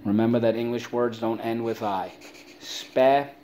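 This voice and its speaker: A male teacher runs a spelling lesson for children, calling out words and having the class repeat them back. His pitch sits in the middle, and he jumps up high for playful asides. A faint hiss of noise runs under the voice. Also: little pitch movement, fairly quick, mellow. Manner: drills words with call-and-repeat chants. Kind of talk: online spelling lesson for kids.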